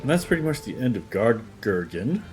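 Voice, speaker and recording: A man's voice: mid-range voice, very animated, a little fast. A man streaming a role-playing game, talking through his moves in a laid-back way over game music. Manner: laid-back, talks himself through each move. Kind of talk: let's-play commentary. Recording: game music loud behind voice.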